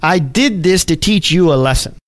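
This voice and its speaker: Stern lecturing father, matter-of-fact, slightly high voice, as a storyteller quotes him. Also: lively intonation, normal speed, close to an everyday voice. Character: stern disapproving father, older man.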